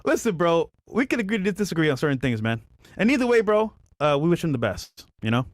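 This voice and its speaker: A man in casual chat, speaking in a measured, conciliatory way. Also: a little high, very animated, no room sound, studio quality.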